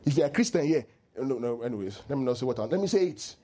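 A man preaching a sermon as pastor, animated and teasing, leading the congregation in call-and-response. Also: medium pitch, fast, crowd noise.

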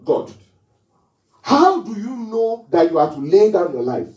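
A man preaching to a congregation, his fairly high voice leaping up and down with each point. His tone is mellow and dark, and he keeps asking the room questions. He is heard from some distance in a roomy, echoing hall. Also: very animated, unhurried, dull audio. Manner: questions the congregation often, call and response. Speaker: pastor. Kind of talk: sermon. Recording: echoey hall, mic far off.

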